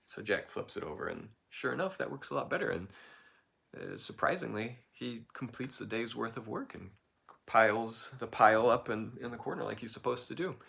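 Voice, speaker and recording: A man casually telling a folk tale in a playful, lively way, throwing in animal noises. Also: medium pitch, moderate pace, vocal fry. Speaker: storyteller.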